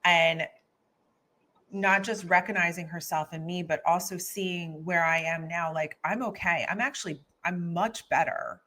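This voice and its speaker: A woman's voice: on the low side, measured pace, bright, forceful tone. A middle-aged woman from Philadelphia, a guest author talking candidly and earnestly about her own experience, often restarting her sentences. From Philadelphia, USA. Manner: earnest, storytelling, frequent restarts. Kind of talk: candid personal conversation.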